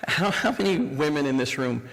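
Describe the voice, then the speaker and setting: A man's voice: fairly high pitch, animated, moderate pace, vocal fry, a bit bright. A Canadian man in his forties giving a live diversity workshop, engaging the audience with rhetorical questions. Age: 40s. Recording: reverberant room sound.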